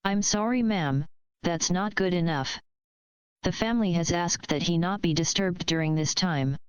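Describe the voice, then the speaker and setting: A woman's voice: fairly low pitch, moderate pace, clean tone, no echo, highs cut off, close to an everyday voice. A woman doing a snooty, sickly sweet receptionist.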